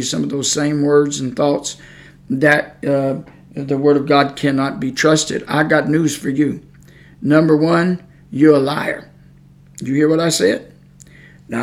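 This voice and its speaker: A man's voice: on the high side, vocal fry. A man, preaching on a podcast in a folksy, rambling way with many fillers. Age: 60s. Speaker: pastor podcaster.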